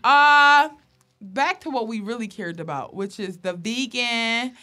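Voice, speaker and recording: Bright-voiced woman cohosting a podcast, a bit high, blunt and swearing a lot while she jokes around. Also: a little slow. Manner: blunt, profane, joking. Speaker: podcast co-host. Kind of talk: casual chat.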